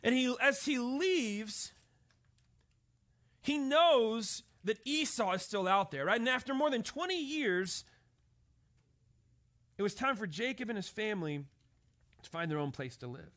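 A man's voice: very high voice, animated, a little slow, long pauses, a bit bright. A man preaching a sermon, telling stories and often checking in with "right?". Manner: storytelling, often asks "right?". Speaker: pastor.

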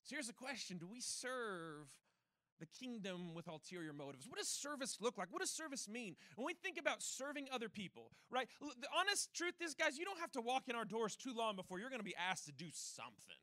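High, bright-voiced young preacher. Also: male voice, big pitch swings, brisk, dry recording. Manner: conversational, self-deprecating storytelling. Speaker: pastor. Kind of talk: sermon.

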